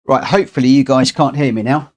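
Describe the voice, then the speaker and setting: A man's voice: medium pitch, fairly even intonation, fast, a little mellow. Chatty man streaming a race. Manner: chatty, rambling, thinks aloud while adjusting settings. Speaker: streamer hosting a racing lobby. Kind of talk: casual live-stream chat while gaming.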